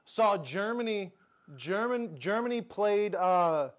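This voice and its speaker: A young man, a guest on a casual sports chat on a patio, excitable, stammering and saying "yeah" over and over. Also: sits high, slow pace. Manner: excitable, repeats "yeah" a lot, stammering restarts. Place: outdoor patio.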